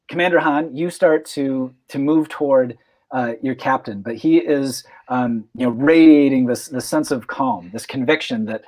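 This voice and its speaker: A man's voice: mid-range voice, a little mellow. A man narrating as game master of a tabletop role-playing game, explaining rules with fillers and restarts.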